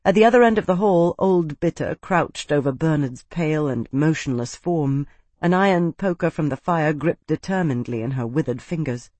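A man narrates a fantasy audiobook with steady, dramatic pacing. His voice sits a little higher than most men's, and the recording is completely dry, with no room sound at all. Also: moderate pace, no room sound.

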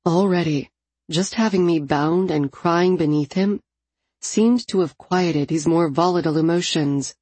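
A woman narrating a first-person audiobook in an intimate, low-key delivery. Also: unhurried, warm tone, husky, no echo.

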